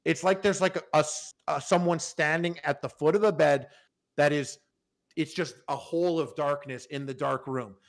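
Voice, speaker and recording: A man's voice: on the high side, fairly even intonation, normal speed. A young man in his twenties on a podcast, telling a long story in a rambling way full of fillers and restarts. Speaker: podcast host. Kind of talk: casual storytelling.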